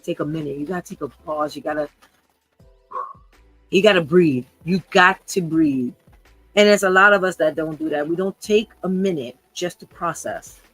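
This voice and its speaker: A woman in her fifties hosts her own unscripted livestream podcast, speaking earnestly and emotionally and repeating herself as she circles back on her words. Her voice sits low, and the recording is rough.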